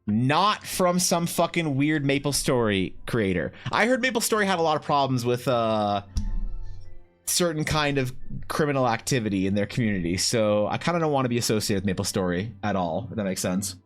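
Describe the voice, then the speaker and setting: A man talks casually to his stream at a middling pitch, rambling with lots of restarts and the odd curse. Faint music plays quietly behind him. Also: animated, fairly quick. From Canada. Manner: rambling, swears freely, many restarts. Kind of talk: casual live-stream chat.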